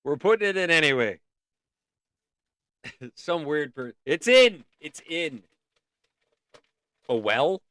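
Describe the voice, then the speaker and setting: A man's voice: on the high side, sing-song, slow, long pauses, fairly bright tone, no room sound. A man hosting a casual art livestream, rambling and easily sidetracked, breaking off to sing bits of songs. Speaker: livestream host.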